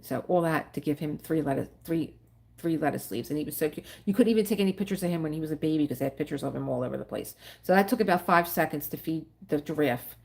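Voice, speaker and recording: A middle-aged woman hosts a casual livestream, talking freely to her viewers. Her voice sits a little low, and she rambles from one story to the next, quick to get emotional. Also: vocal fry. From Philadelphia area. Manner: rambling, chatty, emotional about animals. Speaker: livestream host. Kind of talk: casual chat with live viewers.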